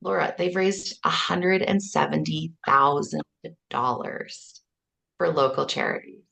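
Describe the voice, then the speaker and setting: A middle-aged Canadian kindergarten teacher with a Canadian accent, earnestly telling stories in a podcast interview and acting out the quotes with animation. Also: female voice, low voice, a little slow, gravelly. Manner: earnest, storytelling, acts out quotes with lively animation. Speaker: kindergarten teacher and author, guest.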